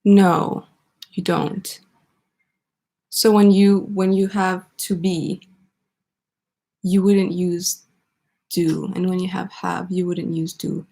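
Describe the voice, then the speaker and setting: A woman teaching an online English grammar lesson, explaining step by step and pausing for student answers. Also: fairly low pitch, level tone, creaky, warm tone.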